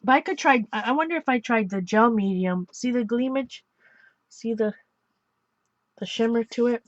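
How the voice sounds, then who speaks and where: Her voice sits a little high and moves at a moderate pace as she chats about her art journal page, a Canadian woman from Ontario who rambles, laughs a lot and keeps correcting herself. There's no room sound, and the quality is lo-fi.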